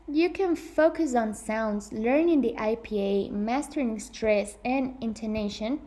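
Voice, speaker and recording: A young woman teaching English pronunciation speaks in a slightly mellow voice on the high side. Her scripted presentation is earnest and careful, dotted with frequent self-corrections.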